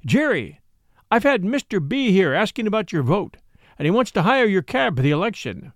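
A man's voice: sits high, very animated, normal speed, dry recording, clean studio sound. A man voicing a cab driver's wife who speaks in a matter-of-fact way.

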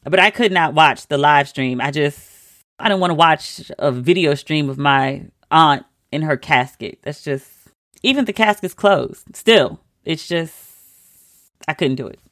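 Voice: mid-range voice, lively intonation, unhurried, fairly bright tone, dry recording, studio quality. A host telling a personal story in a casual monologue, with wry, incredulous asides.

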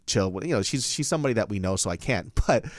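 A man's voice: fast, no echo, clean studio sound. A man in his twenties, a podcast host and stand-up comic, telling a profane, laughing story in casual chat. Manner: animated, profane, laughing storyteller who jumps high in pitch for quoted voices.

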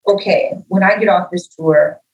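A middle-aged woman with a fairly low voice tells lively stories in a casual interview and acts out what other people said. She sits some distance from the mic, and the room adds a clear echo. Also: moderate pace, muffled recording. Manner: animated storyteller, acts out quoted dialogue. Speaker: guest musician.

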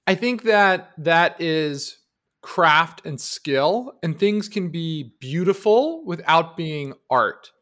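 A man's voice: on the high side, expressive, takes it slowly, fairly bright tone. A man co-hosting an advice podcast, arguing his opinions emphatically in casual conversation. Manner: opinionated, emphatic, shifts pace often. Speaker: podcast co-host.

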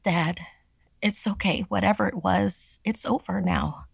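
A woman's voice: medium pitch, measured pace, gravelly, slightly rough, no room sound, clean studio sound, pitched above the performer's own voice, full character voice. A woman voicing a frightened teenage girl who whispers urgently in a horror story. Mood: soothing.

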